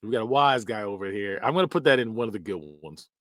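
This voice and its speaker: A man's voice: fairly low pitch, fast talker, no room sound, clean studio sound. A man hosting a podcast, giving casual, joking reaction commentary and laughing often. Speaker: podcast host.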